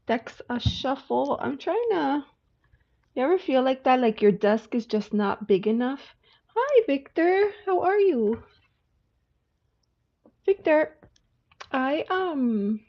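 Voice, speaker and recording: Greeting viewers by name as she chats through her card readings, a woman hosts a casual tarot livestream in a high-pitched, slightly mellow voice. The recording is lo-fi and dull, with faint hiss.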